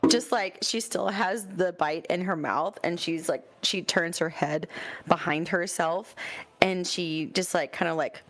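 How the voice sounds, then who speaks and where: A woman playing a tabletop role-playing game, describing her character's actions in a halting, filler-heavy, giggly way. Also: on the low side, a bit bright. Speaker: player.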